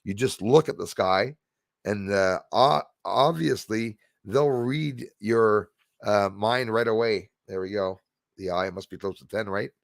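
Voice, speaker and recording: Dude rambling on his livestream, low gravelly voice, gets hyped reading chat, dry close mic. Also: unhurried, dry recording. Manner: rambling, excitable, answers viewer chat aloud. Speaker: livestream host.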